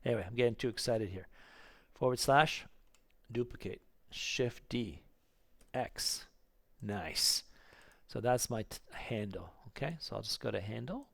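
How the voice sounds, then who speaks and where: Excitable man teaching a software tutorial. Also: mid-range voice, a little slow, gravelly, no echo. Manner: excitable, thinks aloud, counts clicks under his breath. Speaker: 3D modelling instructor. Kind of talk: screen-recorded software tutorial.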